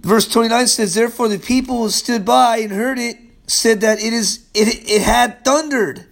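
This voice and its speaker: Man, pastor, sermon, high voice, emphatic, loud calls and low murmurs. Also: moderate pace, creaky. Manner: streetwise, calls listeners "man".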